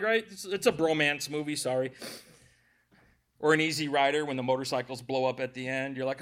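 A man's voice: mid-range voice, steady tone, moderate pace. A man preaching a conversational sermon, earnest and emotional, with self-deprecating asides. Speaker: pastor.

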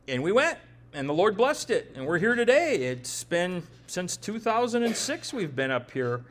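A man preaching a sermon in a conversational, animated way, often acting out quoted dialogue. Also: high-pitched, moderate pace, slight background noise. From Upper Midwest of the United States. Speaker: pastor.

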